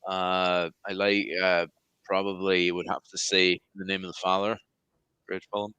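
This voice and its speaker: A man chatting easily about his favourite films, pausing with ums as he thinks. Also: sits low, level tone, bright, forceful tone, smooth, muffled recording. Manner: easygoing, hesitant, many ums and uhs. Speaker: podcast co-host. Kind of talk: casual chat.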